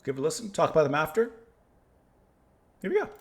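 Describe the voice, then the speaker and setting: A man's voice: a little high, huge pitch swings, fast. A man hosting a music reaction channel, chatting casually and rambling, often laughing at himself. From United States. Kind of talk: casual chat.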